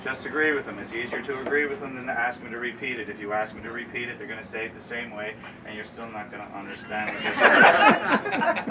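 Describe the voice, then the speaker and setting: A man with a Newfoundland accent, hosting a comic ceremony and teasing the crowd as he leads call-and-response phrases. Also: medium pitch. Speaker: screech-in ceremony host. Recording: distant mic, loud crowd and noise.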